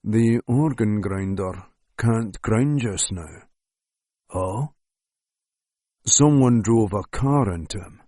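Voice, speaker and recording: A man voicing a scheming male go-between for a crime boss, low and measured. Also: lively intonation, mellow, dry recording, clean studio sound. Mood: flat.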